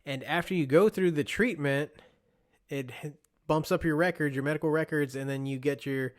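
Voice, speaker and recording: A man's voice: on the high side, normal speed. A young man hosting a podcast, talking casually on his own in a rambling, storytelling way. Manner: rambling, conversational, with storytelling asides. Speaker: podcast host. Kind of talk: casual solo monologue.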